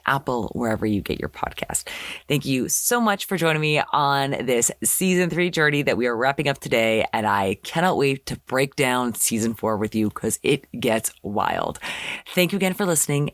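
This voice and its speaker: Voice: mid-range voice, fairly bright tone, no room sound. Young adult, solo podcast host, chatty recap, sarcastic asides, dry close sound.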